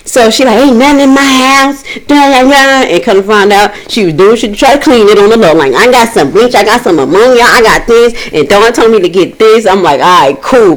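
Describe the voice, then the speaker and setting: Animated woman telling a ghost story. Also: low-quality recording. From Haitian family. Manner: animated, profane, acts out dialogue in a higher voice. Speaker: host telling a personal story. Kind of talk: casual storytelling.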